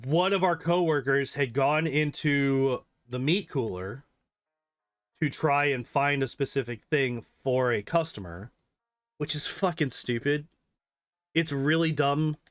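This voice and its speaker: A man's voice: mid-range voice, a little slow, no room sound, faint music behind. A man chatting casually and rambling while playing a game, swearing freely and laughing often. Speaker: gaming streamer.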